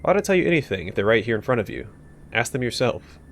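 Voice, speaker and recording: A man voicing a gruff, irritable middle-aged pimp in a video game, speaking curtly and with dry scorn. His voice moves widely in pitch and has a gravelly edge. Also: big pitch swings, quick pace, a bit bright.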